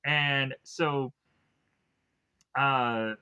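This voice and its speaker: A man's voice: medium pitch, fairly even intonation, extremely slow, sharp tone, clean tone, dull audio. A man casually recapping a film's plot as a reviewer, rambling with lots of "like" and "uh" fillers. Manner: rambling, filler-heavy with constant "like" and "uh". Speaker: film reviewer.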